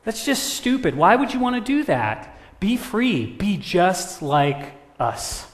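A man voicing a pushy, sneering crow that coaxes and mocks in a high, loud voice during a sermon story. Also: big pitch swings, slow, in a large hall, heavily acted. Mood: scornful. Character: sneering, pushy flock of crows.

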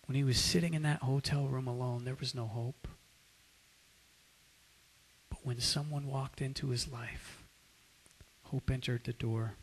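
A male preacher tells a sermon story slowly and dramatically, his voice husky. Sometimes he rises loud, sometimes he drops to a hush. A long reverb trails each phrase. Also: medium pitch, steady tone. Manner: dramatic, with swings between loud and hushed.

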